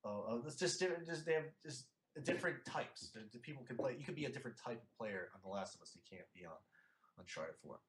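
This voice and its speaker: A young man from Philadelphia, a guest in a casual interview, talking haltingly with many fillers and restarts. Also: mid-range voice, animated, echoey room.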